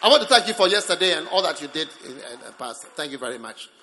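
A man's voice: fairly high pitch, big pitch swings, a little hiss or hum. A man acting out an ungrateful person who rattles off a curt, grudging thank-you. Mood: grudging, hurried. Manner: fast, loud, curt and grudging.

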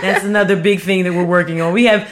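Upbeat woman co-host with a bright voice. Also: on the low side, fairly even intonation, quick pace. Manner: upbeat and affirming, chiming in to back up her partner. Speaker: podcast co-host. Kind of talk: casual chat.

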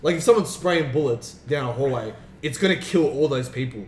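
A young man telling stories in animated, swear-filled casual podcast chat. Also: mid-range voice, a little fast, a little hiss or hum. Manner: animated storytelling, swears freely. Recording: echoey room.

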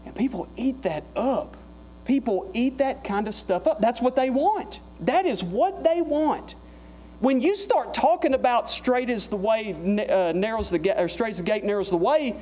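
A man preaching a sermon in a church, repeating his phrases and climbing higher and louder as he presses his points. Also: moderate pace. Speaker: guest preacher.

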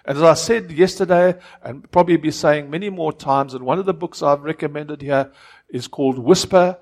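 An earnest preacher man with a slightly high voice. He repeats and restarts his words, and his volume swings from hushed to forceful. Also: normal speed. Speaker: pastor. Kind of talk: sermon.

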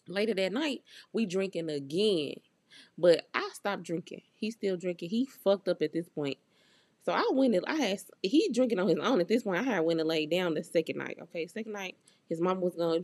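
A young woman with a slightly low voice spins a story on her podcast, blunt and profane, and acts out every quoted line. Her voice sits close and dry on the mic, with no room sound around it. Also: moderate pace, a little mellow, no echo. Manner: blunt, profane and candid, acting out quoted dialogue. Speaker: podcast host. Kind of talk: casual storytelling monologue.

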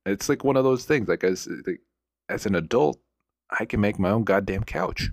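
A man with a very low, gravelly voice chats on his own, rambling and profane, often restarting his sentences. The sound is dry and close, like a desk mic at a computer. He comes across as a relaxed host working through his topics. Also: moderate pace, no echo. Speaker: podcast host. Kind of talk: casual solo chat.

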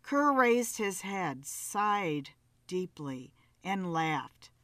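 A woman narrating a story in a measured, dramatic reading. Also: lowish voice, sing-song, fairly bright tone, no echo.

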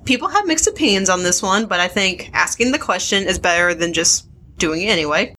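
A woman's voice: fairly low pitch, animated, brisk, pushed and bright, a little hiss or hum. A young adult woman co-hosting a casual podcast chat about motherhood, frank and chatty with frequent laughs. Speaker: podcast co-host.

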